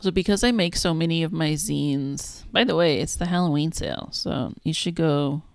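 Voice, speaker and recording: A woman casually chatting on a livestream as she makes a zine, thinking out loud and trailing off mid-sentence. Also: deep voice, moderate pace, creaky, no echo. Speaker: zine maker streaming her work. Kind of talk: casual livestream chat while working.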